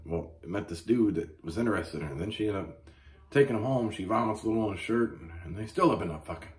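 A man hosting a comedy show, ranting crudely and profanely with mock outrage and animated storytelling. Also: lowish voice. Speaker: comedy podcast host. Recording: echoey room.

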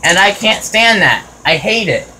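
A man rants on his vlog in an exasperated voice that keeps circling back with "you know." His tone is bright and forceful, sitting a bit high. A faint hiss from the phone mic stays under him. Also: sing-song, measured pace, rough recording. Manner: exasperated, repetitive, many "you know" fillers. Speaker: vlogger. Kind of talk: casual ranting vlog.

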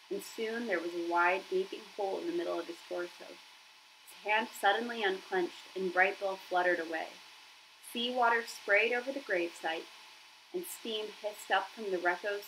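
A woman's voice: on the low side, fairly bright tone, slight background noise, rough recording. A woman reading a children's novel aloud as narrator, telling the story expressively.

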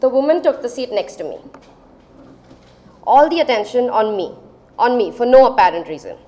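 A woman, telling a personal story on stage in a dramatic, measured way. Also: on the high side, sing-song, mellow. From India. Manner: dramatic, measured, lingering on phrases. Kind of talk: live storytelling performance.

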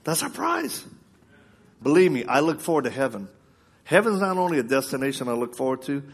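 A man's voice: mid-range voice, fast, breathy edge. A man preaching a live sermon, telling personal stories with laughs, then urging the crowd directly. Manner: lively storyteller who laughs often and acts out quotes.

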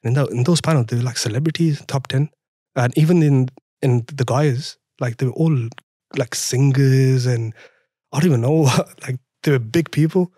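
A man's voice: medium pitch, moderate pace, dark tone, breathy edge, dry recording. Young man, French accent, chatty, laughs a lot, dry close sound. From France. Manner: laughs often, re-enacts dialogue animatedly. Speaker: podcast guest. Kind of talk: casual storytelling interview.

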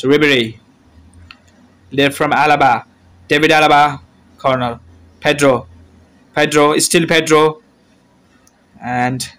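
A man giving play-by-play football commentary, calling out player names in short bursts and raising his voice at goals. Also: medium pitch. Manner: terse name-calling play-by-play, shouts at goals.

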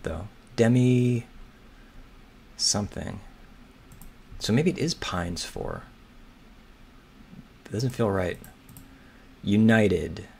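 A man talks himself through a crossword puzzle at a slow, unhurried pace. His voice sits fairly low, and he hesitates and mutters while he tries out answers. A faint hiss of noise runs under the recording. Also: creaky, a little mellow. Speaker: crossword solver. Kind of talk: thinking aloud while solving.

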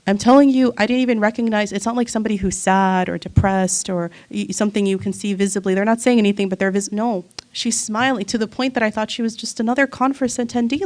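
A woman's voice: medium pitch, a little mellow. A woman teaching a religious study circle, telling a moving story in a heartfelt way, close to tears. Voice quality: voice breaks near tears. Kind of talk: emotional religious talk.

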